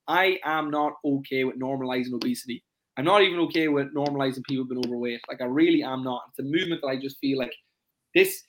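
A man hosting a casual podcast chat, his pitch sitting a touch higher than most men's. He talks at a rapid clip, leaning on "it's like" and slipping into voices to act out his clients. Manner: fast, animated, acts out clients in quoted voices; leans on "it's like" a lot. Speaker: fitness coach and podcast host.

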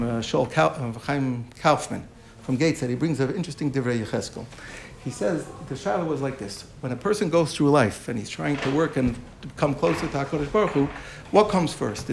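A man's voice: on the high side, gravelly, slight background noise. A man giving a Torah class lecture as the teacher, explaining through a parable and often repeating and restarting his phrases.

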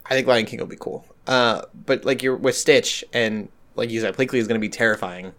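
A man co-hosting a casual pop-culture podcast, relaxed and agreeable with loose phrasing. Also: mid-range voice, a little fast. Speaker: podcast co-host.

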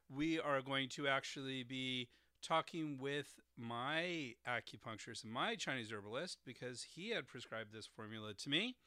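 A man's voice: medium pitch, sharp tone, no echo, clean studio sound. A man hosting an educational podcast as a doctor of herbal medicine, explaining terms carefully and spelling them out letter by letter.

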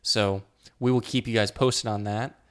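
A man's voice: fairly low pitch, normal speed. A man co-hosting a casual podcast, chatting plainly and reading the show's outro. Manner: relaxed, plain-spoken, reads show outro. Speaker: podcast co-host.

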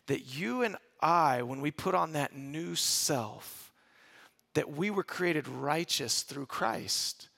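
Gravelly high-voiced male preacher. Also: pushed and bright. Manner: conversational preaching with repeated restarts. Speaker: pastor. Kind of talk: sermon.

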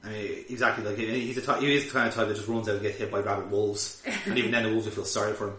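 A man's voice: fairly low pitch, rapid-fire. A man co-hosting a podcast, casually recapping an episode with swearing and laughter. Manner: animated, swearing, laughing storyteller. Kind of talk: casual chat. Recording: roomy, distant mic.

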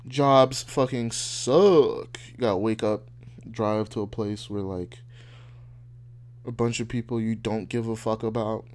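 Fairly low and darkish, this man's voice holds a level tone at a moderate pace, broken by long pauses. He's a twenty-something podcast host delivering a casual rant that's blunt, heated and full of profanity.

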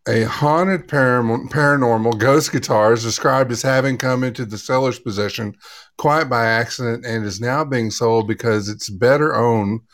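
A man of middle pitch co-hosts a casual podcast, polite and quick with mild exclamations. He reads an article aloud in a halting way, pausing over words. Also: a bit bright. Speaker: podcast co-host. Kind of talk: casual chat.

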